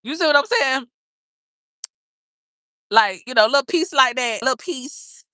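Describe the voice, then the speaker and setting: A woman's voice: sits high, expressive, measured pace, sharp tone, dry recording. A woman hosting a live stream, chatting casually with viewers in a brash, profane, gossipy way and calling them girl, baby and honey.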